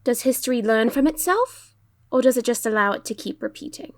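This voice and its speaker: A woman voicing a composed female ship captain who talks calmly and with pointed politeness. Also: fairly high pitch, fairly quick, close to an everyday voice. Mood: measured.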